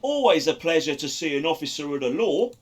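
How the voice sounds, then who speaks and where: A man's voice: a little high, sing-song, fairly quick. A man voicing a chatty local man in a game, reading his lines in his own voice. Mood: friendly.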